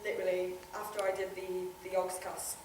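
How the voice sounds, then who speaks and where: A woman's voice: lowish voice, level tone, brisk. Geordie woman on a con panel telling stories, super echoey hall, mic far away, bit of noise. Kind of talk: convention panel talk. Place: convention hall.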